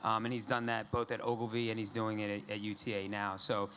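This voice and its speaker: A man moderating a conference panel on stage, joking and relaxed with many fillers. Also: lowish voice, fast talker, slight background noise.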